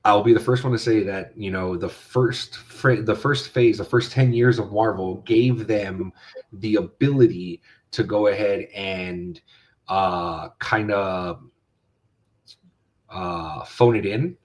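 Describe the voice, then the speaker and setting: A man's voice: lowish voice, takes it slowly. A man hosting a casual podcast chat, rambling with fillers and restarts. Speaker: podcast host.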